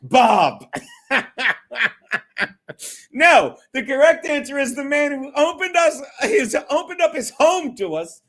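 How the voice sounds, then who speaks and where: High-voiced man rambling on a stream. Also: sing-song, slow, a bit bright. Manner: rambling, profane, laughing often. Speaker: livestream host. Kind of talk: casual solo livestream chat.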